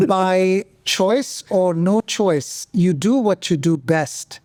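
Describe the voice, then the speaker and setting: High-voiced chatty male podcast host. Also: animated, extremely slow, darkish tone, dry recording. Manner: chatty, rambling questions. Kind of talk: casual interview chat.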